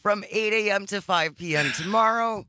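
A man's voice: sits high, normal speed, pushed and bright, no room sound. A man hosting a radio talk show in casual banter, reading news items aloud on a studio mic.

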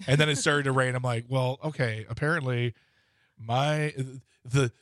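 A man's voice: mid-range voice, steady tone, normal speed, fairly bright tone, no room sound, clean studio sound. A man chatting casually as co-host, easygoing and rambling as he plugs upcoming shows. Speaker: co-host, comedy club worker. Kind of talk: casual chat.

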